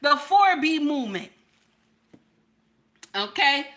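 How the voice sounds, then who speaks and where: A middle-aged woman chatting casually with her livestream viewers, animated and playful, often laughing and repeating herself with a questioning "okay?". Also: fairly high pitch, unhurried. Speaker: livestream host.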